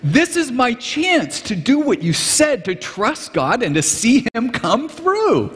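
A man's voice: high-pitched, measured pace, big-room sound, full character voice. A man doing an eager young friend praying. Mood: excited. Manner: excited, earnest.

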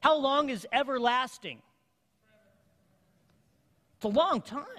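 Male pastor, very high voice, slow emphatic preaching, long church reverb. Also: bright, forceful tone. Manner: emphatic call-and-response preaching, slow deliberate phrasing. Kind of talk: sermon. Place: church sanctuary.

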